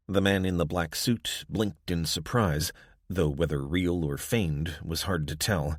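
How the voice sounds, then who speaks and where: Audiobook narrator: man, very low voice, measured, dry studio sound. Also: dry recording. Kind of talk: scripted narration.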